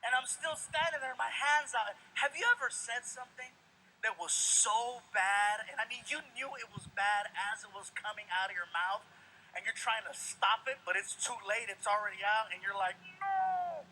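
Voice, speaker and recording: A man doing stand-up comedy, telling a story to a live audience in an animated, exclaiming way and acting out scenes. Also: sits high, normal speed, a little hiss or hum, rough recording.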